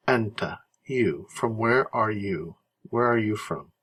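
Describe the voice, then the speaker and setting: A man teaching an Arabic textbook chapter, explaining patiently and slowing down to model each phrase. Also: lowish voice, a bit bright, slightly rough. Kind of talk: recorded textbook lesson walkthrough.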